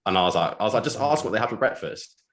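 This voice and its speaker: A young man hosting a podcast, telling stories in slangy, animated casual chat. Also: fairly low pitch, very fast. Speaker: podcast host.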